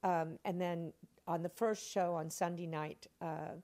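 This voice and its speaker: With a fairly low pitch and measured delivery, an older actress of the stage recounts anecdotes in an interview. She is highly expressive, breaks into laughter again and again, and acts out the quotes.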